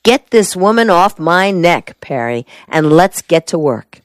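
A woman voicing a gruff, sardonic male private detective with a slow, husky drawl, in a storybook reading. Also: lowish voice, very animated, dry recording, clean studio sound.

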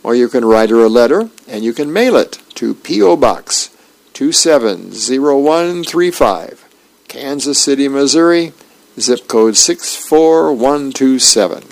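A man's voice: medium pitch, animated, a little slow, gravelly, rough recording. A man, a volunteer reader, reading the newspaper aloud on the radio with small stumbles.

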